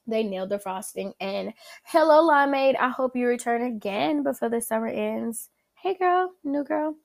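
A woman with a Southern accent hosts a casual solo food-review podcast, chatty and animated, full of "like" and "um," and humming as she savors each taste. Her voice is on the high side with vocal fry, at a moderate pace.

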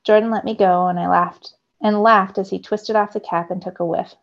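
A teacher reading a novel aloud to her students in a steady first-person storytelling manner. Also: medium pitch, normal speed, creaky. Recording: slightly dull lo-fi recording.

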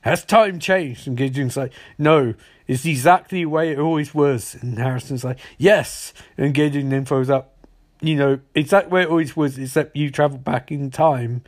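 Rambling podcast man recapping episodes. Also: a little high. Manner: rambling, acts out characters' lines in quick voices. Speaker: podcast host.

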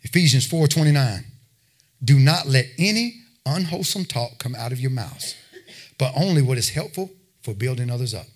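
A man's voice: medium pitch, lively intonation, moderate pace. A man preaching a sermon, talking plainly with his listeners and building to emphatic exhortation. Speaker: pastor.

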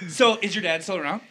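A man hosts a relaxed conversation, easing into personal topics with curious questions. His voice sits a bit high for a man. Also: breathy edge. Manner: curious, gently probing questions. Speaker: podcast host. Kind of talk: casual chat.

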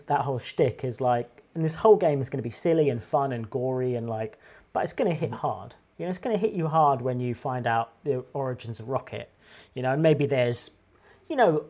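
A man at a middle pitch talks through a game idea in an easygoing podcast chat. He rambles with enthusiasm and often restarts his sentences. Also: a little mellow. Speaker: podcast co-host.

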